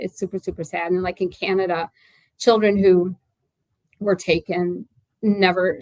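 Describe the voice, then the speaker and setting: A woman's voice: medium pitch, dry recording, poor audio. A woman in her sixties, an author being interviewed, talking in a chatty, rambling way with lots of fillers and restarts. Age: 60s. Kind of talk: casual interview chat.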